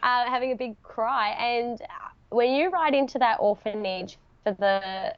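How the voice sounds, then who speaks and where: A woman's voice: fairly high pitch, measured pace, smooth, no echo. Woman guest, heartfelt and teary in places, dull dry sound. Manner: heartfelt, tearful at moments, talks through laughs. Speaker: podcast guest. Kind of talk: emotional storytelling interview.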